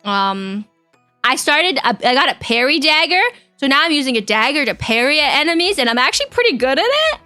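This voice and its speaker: A woman's voice: sits high, big pitch swings, brisk, pushed and bright, dry recording, soft background music. A young woman streaming live, chatting casually and giggling as she talks to her chat. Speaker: vtuber streamer.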